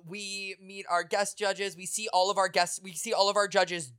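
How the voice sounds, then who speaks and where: A man's voice: high-pitched, little pitch movement, moderate pace, a bit bright, clean tone. Opinionated man recapping a show. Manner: opinionated, dry quips. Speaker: podcast co-host. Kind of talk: casual chat, reality TV recap.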